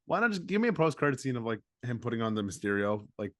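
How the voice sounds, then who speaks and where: A man's voice: medium pitch, very animated, fast, fairly bright tone, no room sound, studio quality. A man co-hosting a casual podcast over a video call, teasing and sarcastic. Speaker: podcast co-host. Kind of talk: casual chat.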